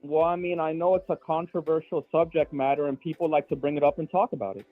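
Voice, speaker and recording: A Dominican man calling in, defensive and stammering, exasperated with the host, husky voice over a tinny phone line. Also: on the high side, fast, faint music behind. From Dominican Republic. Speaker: caller. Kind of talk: defensive call-in argument.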